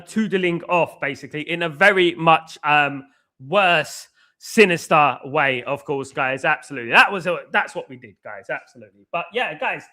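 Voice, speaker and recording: A man chats through a live football watchalong from inside his home. He tells stories in a rambling, repetitive way, and his voice sits high and bright. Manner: rambling, repeats "guys, absolutely". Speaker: livestream host. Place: indoors at home.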